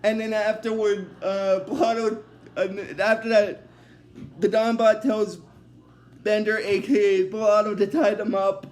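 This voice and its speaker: A man's voice: high-pitched, flat delivery, a little slow, darkish tone. A young man casually recapping a cartoon episode, rambling with lots of fillers. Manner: rambling, many fillers like "basically" and "uh".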